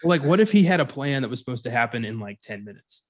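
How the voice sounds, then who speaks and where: A man's voice: medium pitch, animated. A man co-hosting a casual movie talk show, who laughs often and acts out lines from scenes. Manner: laughing often, acts out quotes in quick bits. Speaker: podcast co-host.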